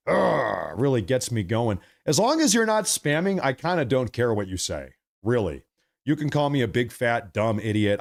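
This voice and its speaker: A man hosting a casual live stream, reading viewer super chats aloud. His pitch swings widely as he teases viewers in a mid-range voice and repeats his thank-yous over and over. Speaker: livestream host.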